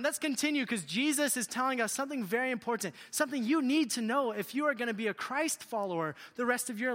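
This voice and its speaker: A male youth pastor preaching a sermon in an animated, joking way, asking the group questions. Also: sits high, in a large hall. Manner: animated, jokey, asks the crowd questions.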